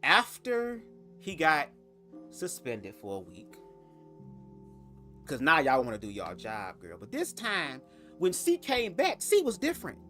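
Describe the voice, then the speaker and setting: A man's voice: wildly swooping pitch, measured pace, pauses often, bright, forceful tone, faint music behind. A young man telling a personal story to camera in a casual, sassy, profane way. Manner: profane, sassy, emphatic with big pitch swings. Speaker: storytime vlogger.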